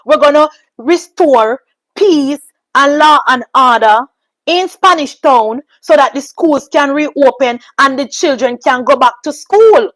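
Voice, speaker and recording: A woman's voice: high voice, unhurried, a bit bright, no echo, low-quality recording. A woman with a Jamaican accent giving an impassioned political monologue, emphatic and repetitive with a preachy ring. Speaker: political commentator.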